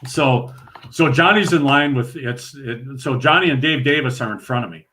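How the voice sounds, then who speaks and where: A man in his sixties from Minnesota, a guest telling rambling, lively stories full of restarts and chuckles in a relaxed podcast chat. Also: medium pitch, normal speed, slight background noise. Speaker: interview guest, retired pro bowler. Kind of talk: casual storytelling in a podcast interview.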